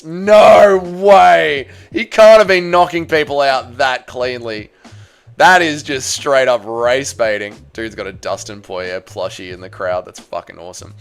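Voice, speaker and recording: A young Australian man on a livestream, chatting with viewers, reading their messages, swearing freely and shouting at a fight as it unfolds. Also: medium pitch, measured pace, gravelly, smooth. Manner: swears freely, reads chat aloud, yells at the fight. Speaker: streamer. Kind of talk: casual livestream chat and fight reaction.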